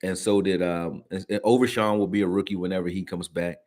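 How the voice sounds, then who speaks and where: Low-voiced guy hosting a football reaction stream, loose slangy chat with viewers. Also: fairly even intonation, fairly quick, darkish tone. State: hiccups. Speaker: sports reaction host. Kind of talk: casual live-stream commentary.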